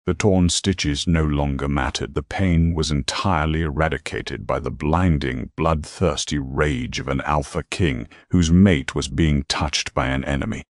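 A man narrating a fantasy story in a dramatic, measured style. His voice is extremely deep, and the recording is dry and close. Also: dry recording. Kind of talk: scripted narration.

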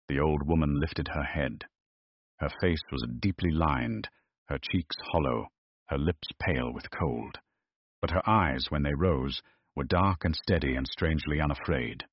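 A man narrating a scripted period story in a measured, deliberate way. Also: rumbling low, dry recording. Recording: dull, dry close recording.

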